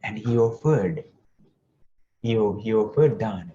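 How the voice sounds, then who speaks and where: A man, a Buddhist monk, telling a story in a sermon, slowly and gently with restarts. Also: on the low side, lively intonation, lo-fi sound. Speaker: Buddhist monk giving a Dhamma talk.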